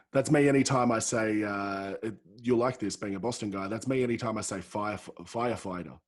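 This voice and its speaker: A man with an Australian accent hosting a podcast, effusive and quick to laugh, often repeating himself as he talks. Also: lowish voice. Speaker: podcast host. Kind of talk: casual interview chat.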